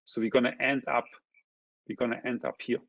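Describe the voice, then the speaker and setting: Male economist, seminar lecture, husky tone, dry sound, keeps checking in with listeners. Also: medium pitch, little pitch movement, fairly quick, a bit bright, dry recording, highs cut off. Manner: checks in with frequent tag questions; points through a figure step by step. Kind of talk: academic lecture explaining graphs.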